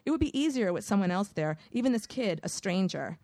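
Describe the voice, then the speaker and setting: Woman audiobook narrator, wry and measured, mid-pitched voice, dry close sound. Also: expressive, a little mellow, no room sound. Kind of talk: first-person audiobook narration.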